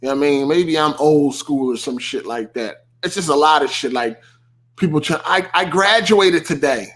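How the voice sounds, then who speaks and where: Ranting casually on his podcast, this man swears heavily, laughs, and mocks the people he quotes in animated asides. His voice sits a little high and moves at a moderate pace.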